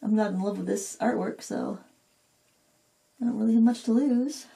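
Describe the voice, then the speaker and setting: A woman's voice: mid-range voice, normal speed, creaky, warm tone. A woman hosting a painting tutorial, casually thinking aloud as she works and candidly admitting she isn't fond of the piece. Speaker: craft video host.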